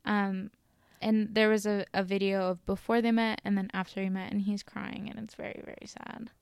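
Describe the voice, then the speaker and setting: Podcast co-host, woman, chatty storyteller with a gravelly but smooth voice, dry close sound. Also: medium pitch, flat delivery, normal speed, a little mellow, dry recording. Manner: storytelling, often apologetic and giggly. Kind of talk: casual podcast chat.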